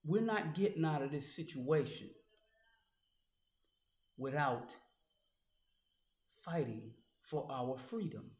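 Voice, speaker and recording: A man's voice: fairly high pitch, animated, slow, long pauses, a little mellow. A man delivering a heated, profane monologue aimed directly at a critic, as an online commentator. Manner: angry, profane, confrontational, addressing a critic directly. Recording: roomy echo.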